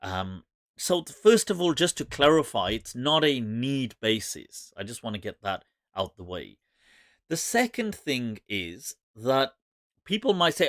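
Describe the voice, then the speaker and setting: Male Islamic scholar, live-stream host; animated, mocking delivery with a lot of pitch movement. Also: a little slow, dry recording, studio quality.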